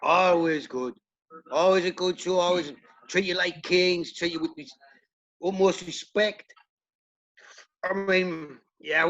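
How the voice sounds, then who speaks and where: A British punk band singer tells blunt, profanity-heavy stories in a casual interview, acting out the quotes as he goes. His voice sits on the high side and is a bit bright, though the recording is muffled.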